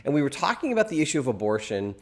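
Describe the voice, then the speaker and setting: Lively, animated male apologetics teacher. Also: mid-range voice, very fast. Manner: animated storytelling with emphatic stresses. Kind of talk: teaching video lecture.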